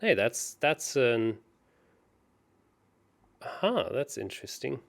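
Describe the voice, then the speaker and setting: A man co-hosting a chess show, working through puzzles out loud in a hesitant, self-mocking way. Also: medium pitch, big pitch swings, slow pace, vocal fry. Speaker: chess co-host solving puzzles. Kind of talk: casual puzzle-solving chat.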